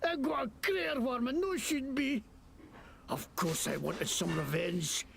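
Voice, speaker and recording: A man's voice: extremely high pitch, a little slow, background noise, heavily acted. An actor playing a crude, foul-mouthed male wasteland crook with a put-on Scottish accent in a video game. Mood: blustering. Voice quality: gravelly, lively swings. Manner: brash, cursing, blustering.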